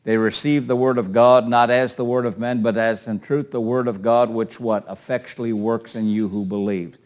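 A man's voice: mid-range voice, steady tone, normal speed, darkish tone. An older man teaching a Bible class in a conversational way, asking questions and calling on readers.

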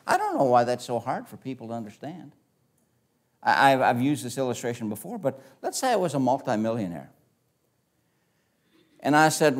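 A man delivers a sermon to a congregation, his pitch swooping widely as he hammers key words. He moves between loud emphatic stresses and low, quiet asides. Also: gravelly. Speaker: preacher.

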